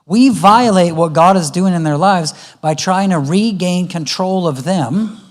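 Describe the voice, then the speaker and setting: Man giving a lively church parenting talk. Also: high voice, unhurried. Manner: conversational, acts out family dialogue. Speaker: guest speaker. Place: church auditorium.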